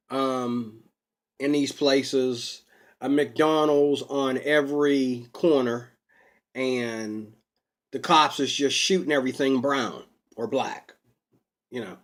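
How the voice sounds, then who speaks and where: A man talking to camera in a rambling personal vlog, unscripted and full of drawn-out ums. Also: mid-range voice, fairly bright tone. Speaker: vlogger. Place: Pittsburgh.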